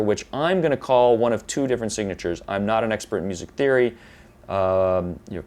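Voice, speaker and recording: This guitar tutorial features a man with a fairly low, darkish voice who patiently explains rhythm and counts beats aloud, now and then correcting himself. Electric guitar plays in the background.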